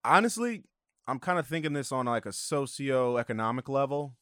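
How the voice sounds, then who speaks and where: A man hosting a podcast in casual chat, halting and full of fillers, often restarting his sentences. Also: medium pitch, lively intonation, fairly bright tone, clean tone, dry recording, clean studio sound. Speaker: podcast host.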